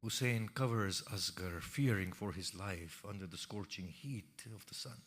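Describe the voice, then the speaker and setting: A man narrating an emotional religious story in a sermon, moving from hushed tones to impassioned cries. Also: fairly low pitch, a little slow. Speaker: preacher.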